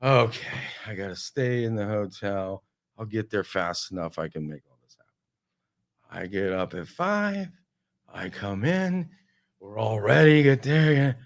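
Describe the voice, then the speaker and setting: A man telling a casual, animated comic story on a talk show, full of exasperation. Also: fairly low pitch, measured pace, creaky.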